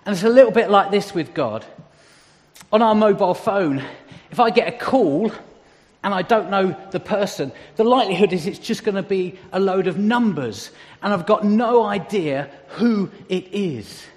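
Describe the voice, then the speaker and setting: A man's voice: high-pitched, animated, normal speed, a little mellow, big-room sound. A middle-aged man giving a conversational sermon with humorous asides. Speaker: church speaker.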